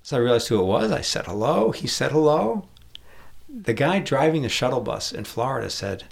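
A man's voice: medium pitch, lively intonation, moderate pace, vocal fry. A middle-aged man from Rhode Island, chatting casually about sales and telling anecdotes, chuckling often. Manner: storytelling, acts out voices, chuckles often. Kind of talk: casual podcast conversation.

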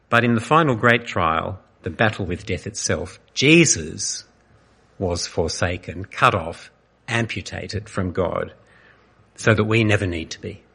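Male pastor, earnest sermon delivery, low and husky, forceful. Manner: earnest, dramatic, pausing often.

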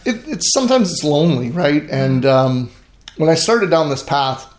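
A fairly high-pitched male voice with lively intonation talks at a moderate pace in an echoey room. He's a middle-aged grain farmer storytelling in an interview, earnest and emphatic, and he often restarts his sentences.

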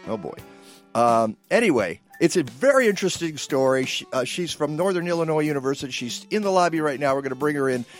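A man's voice: a little high, expressive, fast, soft background music. A man co-hosting a radio talk show, chatting casually and rambling with many fillers and jokes. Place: radio studio.

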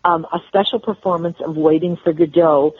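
An older woman from Chicago, a guest telling personal stories in an interview, with halting restarts. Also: low-pitched, steady tone, slightly rough. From Chicago, USA. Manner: warm storyteller, halting restarts. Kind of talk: storytelling interview. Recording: tinny phone-line audio.

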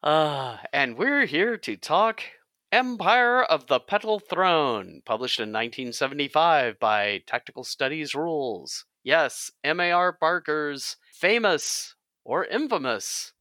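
A man's voice: on the high side, animated, measured pace, bright, forceful tone, dry recording. A man hosting a podcast about tabletop games, chatting casually and jokily while he explains the rules. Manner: jokey, explains game rules at length. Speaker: podcast host.

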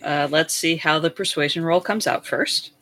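A woman's voice: deep voice, moderate pace, fairly bright tone. A woman playing a tabletop game, asking the game master questions and pleading in character. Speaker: player.

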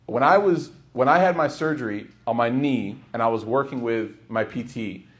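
Guy teaching a quran class, storytelling, plays out the back-and-forth, mid pitch. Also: normal speed. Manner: storytelling, acts out dialogue. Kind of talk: lecture on scripture.

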